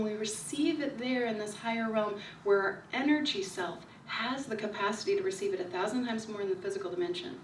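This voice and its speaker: At her book signing, an author gives a calm, repetitive spiritual talk to a small audience, slowing down to stress key ideas. Her mid-range voice is recorded from far off in an echoey room, with a little hiss or hum.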